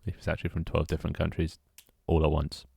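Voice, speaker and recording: A man's voice: rumbling low, completely flat delivery, fast, creaky, darkish tone, breathy edge, no echo, studio quality. A young British man chatting casually and wryly while he works on his game, rambling from one thought to the next. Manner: rambling, wry, self-mocking. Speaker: game developer streamer. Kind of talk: casual live-stream chat while working.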